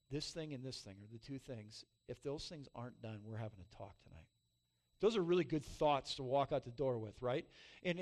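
A pastor in his forties preaching a sermon, telling a self-mocking personal story with loud peaks and soft, emotional drops. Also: medium pitch.

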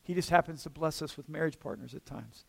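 Pastor, male, high-pitched, easygoing sermon delivery with frequent check-ins. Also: fast talker, gravelly, breathy edge. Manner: casual, checks in with the room with frequent "okay?". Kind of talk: conversational sermon.

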